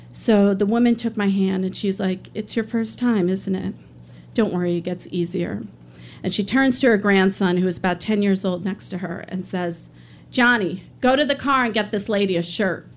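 A woman's voice: mid-range voice, a little mellow, a little hiss or hum. Earnest woman telling a personal story. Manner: earnest, quoting people in her story.

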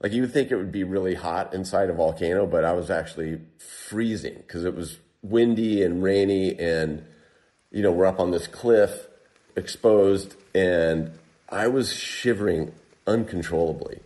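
A man's voice: low voice, normal speed. A man telling a personal story casually to an interviewer, often saying "like". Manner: animated, heavy use of "like". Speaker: guest telling a survival story.

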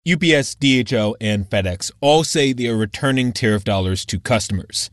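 A man filing a scripted radio news report, with a measured, explanatory delivery. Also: medium pitch, no room sound, clean studio sound.

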